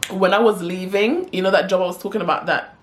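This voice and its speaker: A woman, telling a story for her vlog in a lively, slangy way. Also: medium pitch, quick pace. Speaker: vlogger.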